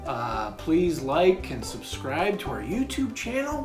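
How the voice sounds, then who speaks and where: A man giving a comic, deadpan review of a children's book, with mock-confessional asides. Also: fairly high pitch, slow pace, hardly any pauses, echoey room, over music.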